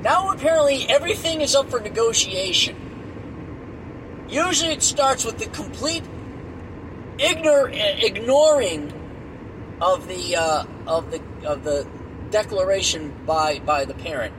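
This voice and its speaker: A middle-aged man rants bluntly from behind the wheel, cursing freely and growing exasperated. His voice sits high and swings widely in pitch. Clear road noise from the moving car runs under everything. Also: animated, unhurried, long pauses. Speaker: podcast host. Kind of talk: solo rant while driving.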